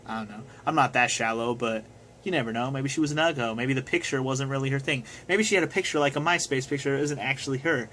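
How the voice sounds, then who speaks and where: A man's voice: mid-range voice, fast talker, a bit bright, slight background noise. A young man casually answering viewer questions on his video, rambling and swearing now and then. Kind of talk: casual chat. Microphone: phone camera.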